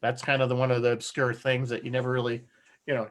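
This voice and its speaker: A man's voice: medium pitch, monotone, fast talker. Chatty man retelling a story. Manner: rambling, laughs often. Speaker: podcast co-host. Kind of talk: casual chat.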